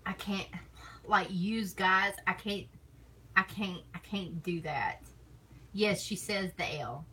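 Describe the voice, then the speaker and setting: Slow-talking Southern woman with a bright voice. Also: medium pitch, husky, low-quality recording. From American South. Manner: chatty, laughs often, teasing. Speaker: live-stream host. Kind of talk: casual live-stream chat.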